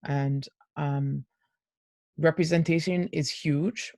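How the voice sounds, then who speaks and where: A woman's voice: low-pitched, steady tone, slow, mellow, no echo, clean studio sound. A middle-aged woman speaking earnestly as a parent on a panel discussion, over a video call. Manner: earnest, heartfelt.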